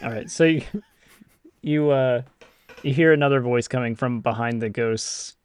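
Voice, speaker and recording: A man narrating a tabletop game as game master, in a relaxed, halting way with fillers. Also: medium pitch, smooth, no room sound.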